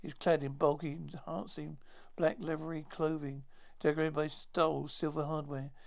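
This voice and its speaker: Guy retelling a sci-fi episode off the cuff, gravelly voice, keeps tripping and correcting himself. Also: fairly high pitch, level tone. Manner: halting, many restarts and self-corrections. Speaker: storyteller.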